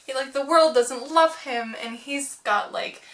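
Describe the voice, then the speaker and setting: Gushing young woman, bright and high. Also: measured pace, recorded from a distance. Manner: gushing and giggly, heavy use of "like". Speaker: book vlogger. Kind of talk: casual chat.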